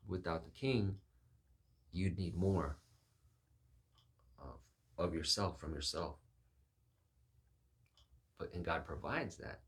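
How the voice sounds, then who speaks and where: A man's voice: low-pitched, slow pace, pauses often. A man giving a reflective, sermon-style talk, musing aloud and acting out quoted voices.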